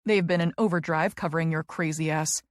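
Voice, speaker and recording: A woman's voice: sits low, fairly even intonation, fairly quick, no room sound, studio quality, voice pushed down, lightly acted. A woman narrator voicing a teasing, protective young adult man who is the heroine's twin brother, in an audiobook.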